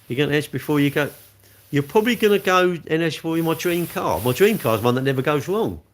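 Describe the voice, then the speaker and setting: With a fairly high, expressive voice and a brisk delivery, a middle-aged man who is a car dealer hosts a livestream. Chatty and blunt, he reads comments aloud, pokes fun at himself, and laughs a lot.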